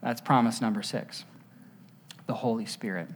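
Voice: mid-range voice, moderate pace. A pastor preaching a conversational sermon, asking the listeners rhetorical questions and telling stories with voiced sound effects.

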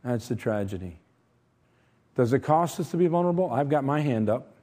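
A middle-aged man preaching a sermon, emphatic, shifting between loud stressed points and quiet asides. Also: mid-range voice, lively intonation, moderate pace. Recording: long reverb from a large hall.

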